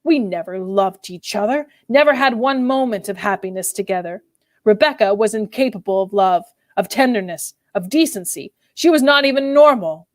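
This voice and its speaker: A brooding, tormented older husband, as a woman reader puts him on, pours out his words with bitter, low urgency. The voice sits at a middling pitch and the recording is dry and close. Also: normal speed, no echo, close to an everyday voice.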